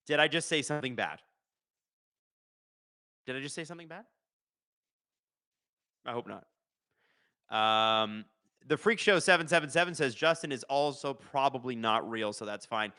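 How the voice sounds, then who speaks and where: A man hosting a live hockey watch-along stream, chatting casually, joking and reading viewer comments aloud before breaking into quick play-by-play. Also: mid-range voice, sharp tone, no room sound.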